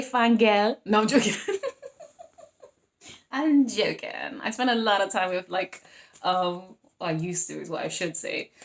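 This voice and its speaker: A woman giving a casual tarot reading to her viewers, chatty and animated, acting out little scenes and laughing often. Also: on the low side, a little hiss or hum. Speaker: tarot reader.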